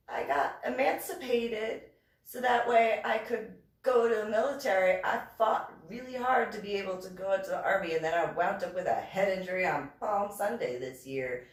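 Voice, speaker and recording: A woman reverend telling funny personal stories in an animated way, laughing and making sound-effect voices. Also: medium pitch, normal speed. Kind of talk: comedic personal storytelling. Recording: roomy room, distant mic.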